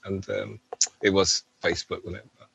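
A man's voice: deep voice, little pitch movement, moderate pace, creaky, fairly bright tone. A man in his forties, a rave MC guest, chatting casually and rambling, often adding "do you know what I mean". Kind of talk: casual interview chat.

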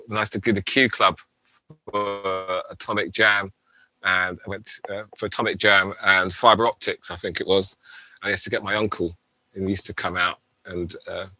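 A man's voice: fairly low pitch, bright, forceful tone, dry recording. A man in his forties, a rave MC guest, chatting casually and rambling, often adding "do you know what I mean". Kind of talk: casual interview chat.

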